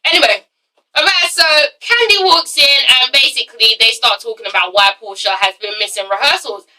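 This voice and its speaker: High, very bright young woman vlogger. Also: expressive, brisk, distant mic, poor audio. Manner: rambling, keeps tagging sentences with a questioning "okay?"; blunt, swears casually. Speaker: TV review vlogger. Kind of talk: casual chatty review.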